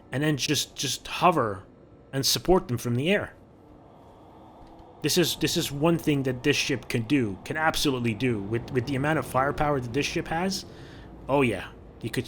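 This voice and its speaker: A man's voice: medium pitch, slight background noise. Chatty man narrating gameplay. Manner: chatty, repeats words while thinking aloud. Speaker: gaming video creator. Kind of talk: casual gameplay commentary.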